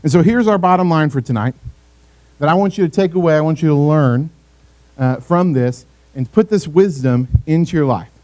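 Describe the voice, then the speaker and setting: A young man preaching to a youth group in a relaxed, conversational way, often checking in with the room. His voice sits a little high, but the tone is dark and mellow. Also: moderate pace. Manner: conversational, asks the audience for responses. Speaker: youth pastor. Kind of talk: youth ministry talk.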